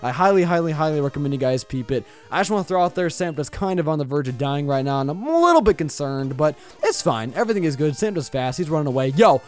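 Lively young man hyping his gameplay. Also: sits high. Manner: energetic, rambling, playful hype. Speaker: YouTube gaming host. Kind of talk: let's play commentary. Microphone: boom arm microphone.

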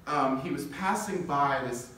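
A young man preaching a sermon, telling a parable with quick laughs and building to impassioned lists. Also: on the high side, sharp tone, a little hiss or hum. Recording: echoey room, distant mic.

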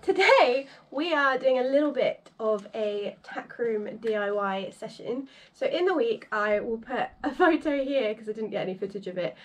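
A woman's voice: on the high side, animated, normal speed, few pauses, soft background music. A woman vlogging outdoors at the stables, chatty and upbeat, laughing often and a little out of breath. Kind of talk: casual vlog narration. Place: outdoors at a stable field, windy.

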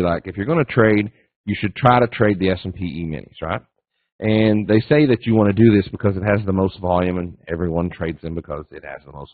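A man with a lowish voice guest-teaches trading in a casual webinar, keeping it folksy. He repeats phrases, plays out little voices in his anecdotes, and comes through on a dry, tinny, phone-like recording.

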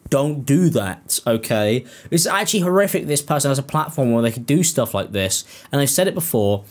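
A man hosting reaction commentary, ranting sarcastically and leaping into high, exasperated outbursts. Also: expressive, brisk. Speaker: commentary host.

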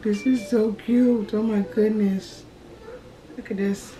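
A pregnant vlogger in her thirties talks slowly and casually to her audience in a warm, medium-pitched voice with a steady tone. She's a little out of breath and calls everyone "y'all," recorded in an echoey home room by a distant camera mic.

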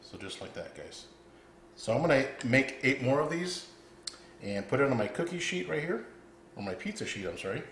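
A cooking channel host runs a casual demo, chatting with viewers and calling them guys, in a medium-pitched, sing-song, slightly bright voice at a moderate pace. The room is echoey with background noise.

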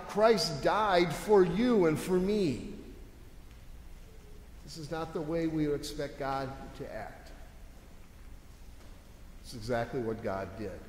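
A pastor with a somewhat high voice preaches slowly and with animation, leaving long pauses. He asks his listeners rhetorical questions in an emphatic, conversational style, recorded in a reverberant sanctuary with slight background noise.

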